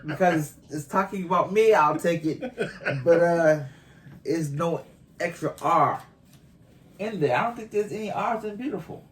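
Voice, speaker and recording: A woman's voice: on the low side, normal speed. A woman in her fifties from Boston with a Boston accent, chatting casually and teasing her husband on their couple's channel, laughing often. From Boston, USA. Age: 50s. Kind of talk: casual chat.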